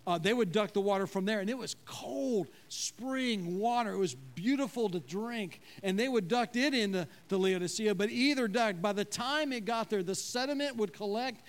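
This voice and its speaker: A man with a fairly high voice preaching a sermon to his congregation. He speaks in a conversational way and keeps asking them questions. When he quotes God, his voice drops low and quiet. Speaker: pastor.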